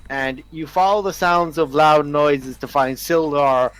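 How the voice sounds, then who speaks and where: A man narrating a tabletop game as game master, telling the scene with animated storytelling. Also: fairly high pitch, measured pace, clean tone, poor audio. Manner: animated storytelling, acts out characters.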